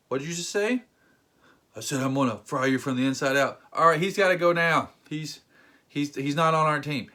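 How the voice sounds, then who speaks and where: A man ranting sarcastically in a casual movie review, acting out quotes in mocking voices. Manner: animated, emphatic with sudden jumps in pitch.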